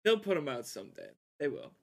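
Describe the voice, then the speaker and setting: A man's voice: on the high side, very animated, fairly quick. A man chatting casually as a podcast co-host, making short, dry remarks. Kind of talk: casual chat.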